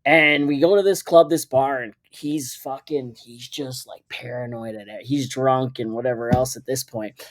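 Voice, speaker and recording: A man's voice: medium pitch, fairly even intonation, moderate pace. Man, thirties, podcast host, casual storytelling, rambling, profane, self-correcting.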